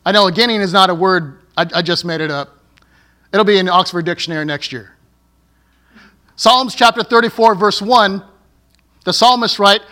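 A man's voice: high-pitched, normal speed, long pauses, bright, forceful tone. A male pastor preaching a sermon, with joking asides and laughing at his own slips.

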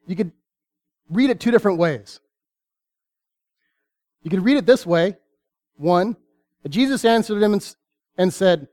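A man preaching a sermon, reading scripture aloud with earnest, deliberate pauses. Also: high-pitched, lively intonation, a little mellow.

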